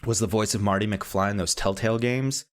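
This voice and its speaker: A man co-hosting a casual podcast who jokes and teases with quick pop-culture references. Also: fairly low pitch, fairly even intonation. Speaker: podcast co-host. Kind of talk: casual chat. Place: Boston.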